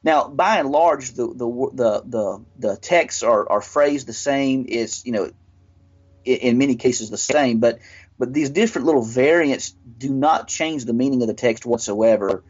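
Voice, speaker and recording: Husky man explaining earnestly. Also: mid-range voice, a little slow, darkish tone. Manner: earnest, explanatory, with frequent restarts and filler. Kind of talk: casual explanatory discussion. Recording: dull lo-fi audio.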